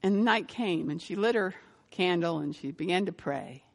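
A woman pastor giving a sermon and telling a story, growing lively as she recounts it. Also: on the low side, moderate pace, in a large hall. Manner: storytelling, lively when quoting.

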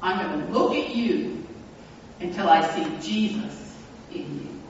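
A preacher voicing a small, fearless woman pastor who speaks calmly and steadily, in an echoey hall. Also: mid-range voice, measured pace, slight background noise, close to an everyday voice. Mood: steady. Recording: echoey hall, distant mic, dull sound.

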